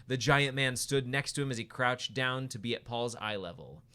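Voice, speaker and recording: A man's voice: moderate pace, clear, resonant tone. A man reading fanfiction aloud on a comedy podcast, often laughing mid-sentence. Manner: reads with lively pitch, breaks into laughter.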